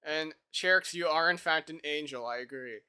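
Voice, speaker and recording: A man with a bright, fairly high voice talks to his live-stream chat as he works through code. He thinks out loud and laughs often. He keeps it loose and pokes fun at himself. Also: normal speed, clean tone. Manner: chatty, thinks aloud, self-deprecating, laughs easily. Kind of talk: casual live-stream chat while coding.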